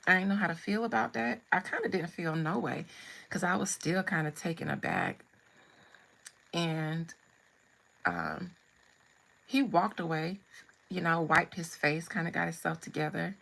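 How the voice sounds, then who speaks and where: A woman's voice: lowish voice, animated, measured pace, creaky, long pauses, fairly bright tone, rough recording. A woman hosting a live stream, telling a personal story in a blunt, humorous way. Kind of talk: casual storytelling.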